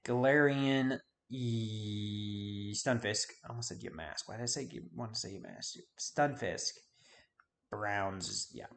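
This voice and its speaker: A man's voice: fairly low pitch, slow pace, fairly bright tone. A man giving casual video game commentary, rambling and forgetting names with self-deprecating asides. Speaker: YouTube host.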